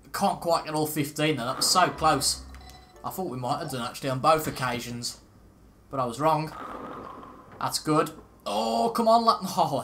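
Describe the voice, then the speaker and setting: A man's voice: on the high side, fairly bright tone, slight background noise. A young man casually commentating on a video game, chatty and self-mocking, reacting aloud as he plays. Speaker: gaming video host. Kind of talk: casual let's-play commentary.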